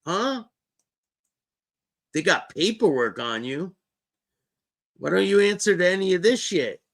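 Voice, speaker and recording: A man's voice: high-pitched, lively intonation, moderate pace, gravelly, a bit bright. A man hosting his own show, heckling and mocking a clip as it plays. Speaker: show host. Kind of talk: reacting to a played clip.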